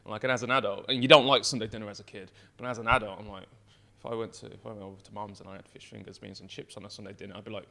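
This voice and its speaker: A man, a brewery founder chatting as a podcast guest, telling excitable, rambling stories. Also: on the low side, rapid-fire, vocal fry. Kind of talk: casual chat.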